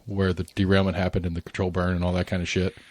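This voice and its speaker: Deep voiced guy rambling on a podcast, lots of um and like, dry close mic. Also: monotone, fast talker, no room sound. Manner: rambling, many fillers and restarts, casual swearing. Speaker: podcast co-host. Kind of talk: casual current-affairs chat.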